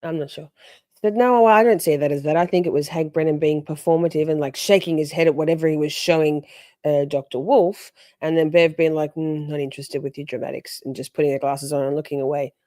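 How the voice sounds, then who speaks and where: Chatty woman with a dark, dry voice. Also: deep voice, fairly quick, no echo. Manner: chatty, gushing, laughs often. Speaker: livestream host recapping a trial. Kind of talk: casual live commentary.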